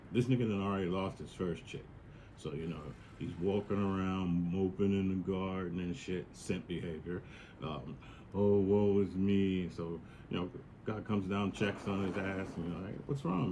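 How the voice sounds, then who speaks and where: A man's voice: sits low, fairly even intonation, moderate pace, a little mellow, a little hiss or hum. A man hosting a podcast, retelling a story in a casual, profane, slangy monologue. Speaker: podcast host.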